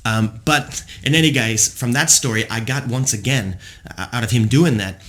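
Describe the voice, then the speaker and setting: A man's voice: mid-range voice, normal speed, fairly bright tone. A man in his forties hosting a podcast, telling personal stories in a rambling, reflective monologue full of fillers. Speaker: podcast host.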